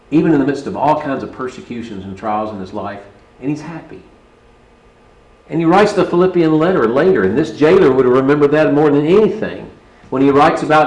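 Middle-aged man preaching in a roomy hall. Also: mid-range voice. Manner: conversational storytelling preaching with frequent restarts. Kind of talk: sermon.

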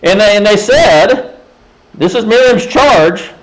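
A man's voice: sits high, lively intonation, slow, poor audio. A man preaching a sermon in a conversational way, often turning to the congregation with rhetorical questions. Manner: frequent restarts and fillers.

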